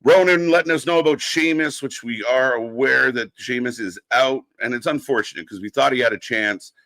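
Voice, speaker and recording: At normal speed and medium pitch, a young man with a sharp-toned voice runs a live wrestling watch-along stream, with no echo in the recording. Upbeat and casual, he reels off greetings to people in chat by name.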